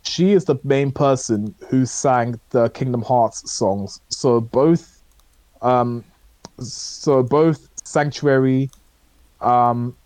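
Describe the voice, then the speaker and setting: A man's voice: mid-range voice, darkish tone, clear, resonant tone, dry recording. Hesitant man rambling on a podcast. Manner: rambling, hesitant, many fillers. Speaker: podcast co-host. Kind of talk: casual chat reviewing shows.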